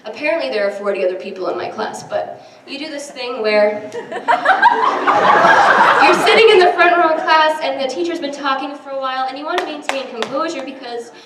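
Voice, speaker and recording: Expressive and fairly quick, this young comedian's high voice fills a large hall during her self-deprecating stand-up routine. She's chatty, with lots of ums, playing to a live audience. Recorded from far off, the echoey sound carries audience laughter and room noise.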